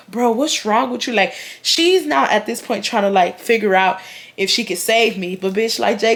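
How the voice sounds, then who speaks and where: A young woman telling a storytime, chatty and slangy, with animated voiced quotes of the people in her story. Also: mid-range voice, normal speed. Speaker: vlogger. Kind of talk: casual storytime.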